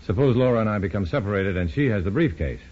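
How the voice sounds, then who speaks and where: A man's voice: lowish voice, lively intonation, fast talker, slightly rough. A man playing a dry, wisecracking undercover agent in an old radio drama. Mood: wry. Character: wry, tough male undercover agent. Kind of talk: 1950s radio drama acting. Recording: dull lo-fi old radio recording with faint hiss.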